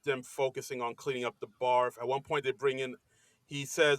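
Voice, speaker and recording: A man's voice: medium pitch, flat delivery, normal speed, no echo. A man co-hosting a comedy podcast, recapping sketches in a rambling, filler-heavy casual chat. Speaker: podcast co-host.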